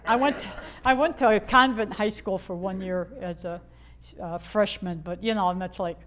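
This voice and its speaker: A woman's voice: mid-range voice, normal speed, fairly bright tone. An older woman from the Chicago area telling her own life story in a candid, rambling way, full of fillers and restarts. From Chicago area, USA. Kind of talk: personal storytelling.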